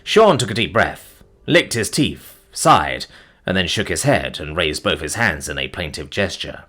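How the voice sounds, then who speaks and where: Expressive male story narrator. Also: deep voice, moderate pace, slightly rough. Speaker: audiobook narrator. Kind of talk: scripted fiction narration.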